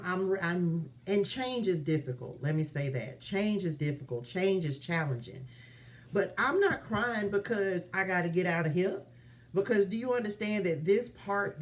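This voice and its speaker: A woman talking to her viewers from her apartment as a spiritual reader, in a casual vlog. She speaks in an emphatic, chatty way, calls her viewers y'all and repeats phrases for weight. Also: lowish voice.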